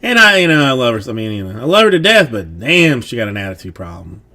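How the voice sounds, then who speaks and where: A man's voice: mid-range voice, big pitch swings, quick pace, sharp tone. Rambling, filler-heavy man. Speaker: streamer, father of a young daughter. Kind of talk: casual livestream chat.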